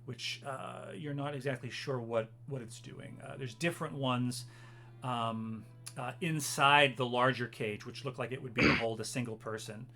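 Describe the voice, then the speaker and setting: Zögernder Spielleiter mit heller Stimme. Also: male voice, mid-range voice, normal speed, bright, forceful tone, faint music behind. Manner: hesitant, full of ums and uhs. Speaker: game master. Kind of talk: narrating a tabletop game.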